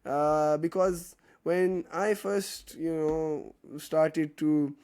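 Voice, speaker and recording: A man's voice: on the high side, fairly even intonation, drawn-out words, darkish tone. A young man, teaching an online chemistry class in a casual, joking way and answering student questions. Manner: chatty, joking, reads out chat questions. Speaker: chemistry tutor.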